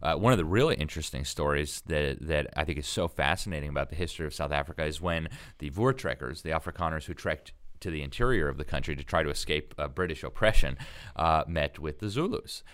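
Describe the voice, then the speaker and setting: A man with a very deep, smooth voice speaks as an interview guest. He explains history emphatically and at length, stopping and restarting often with fillers along the way. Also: quick pace, a bit bright. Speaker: interview guest, magazine editor. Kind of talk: conversational interview.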